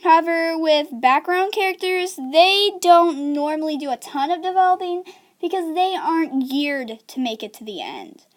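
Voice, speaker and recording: Young woman, high-pitched, casual rambling vlog delivery with giggles and fillers. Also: lively intonation, normal speed. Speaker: video creator giving writing tips. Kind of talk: casual chat to camera.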